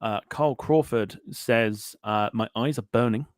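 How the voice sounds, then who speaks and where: Host brief: man, mid pitch, dry close sound, jokey chat reader. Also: a little slow, no room sound. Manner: jokey, laughs often between comments. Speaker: podcast host. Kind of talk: casual chat, reading out live chat comments.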